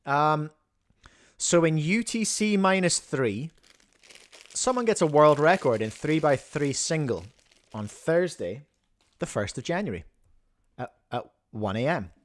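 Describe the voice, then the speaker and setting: A man's voice: fairly high pitch, animated, unhurried. A man hosting a livestream in a casual, rambling, jokey way, chewing a snack as he talks. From New Zealand. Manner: rambling, self-interrupting, jokey. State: chewing while talking. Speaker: livestream host.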